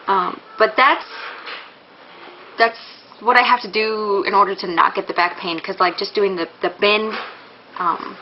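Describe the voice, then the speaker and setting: A woman's voice: medium pitch, steady tone, measured pace, highs cut off, slight background noise. A young woman talking casually in a pregnancy vlog, rambling with many fillers and restarts, candid and a little embarrassed. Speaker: vlogger.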